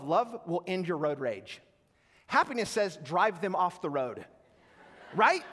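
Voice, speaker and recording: High-voiced preacher in an echoing hall. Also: male voice. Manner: animated storytelling preacher, swings between hushed and loud. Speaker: pastor. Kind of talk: sermon.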